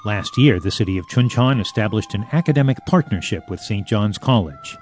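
A man's voice: lowish voice, expressive, fairly quick. A man delivering a radio news report as a foreign correspondent.

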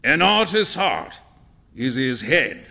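A man's voice: a little high, very animated, takes it slowly, gravelly, sharp tone, heavily acted. A man voicing a jovial male painter in a storybook reading, with a theatrical, amused delivery. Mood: airy. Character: jovial wealthy-world male painter, teasing.

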